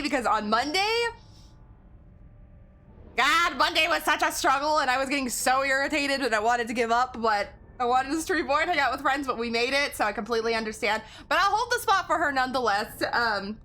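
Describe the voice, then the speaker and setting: A woman's voice: sits high, sharp tone. A woman game streamer in casual live-stream chat, rambling and giggling as she talks to her viewers.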